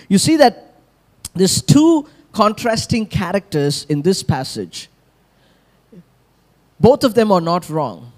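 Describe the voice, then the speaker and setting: A male pastor preaching a sermon, animated and calling on the congregation to repeat lines after him. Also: high voice, takes it slowly, long pauses. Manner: animated, calls for congregation responses.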